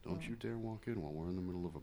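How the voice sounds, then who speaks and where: A man's voice: low voice, racing, warm tone. A young man co-hosting a podcast in casual chat, teasing and jokey with playful exclamations. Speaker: podcast co-host.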